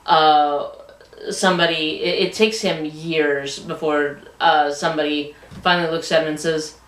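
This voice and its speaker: A woman's voice: sits low, fairly even intonation, a little slow. A woman casually retelling a book's anecdotes in a review, rambling along with lots of fillers. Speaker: book reviewer. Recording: roomy, distant mic.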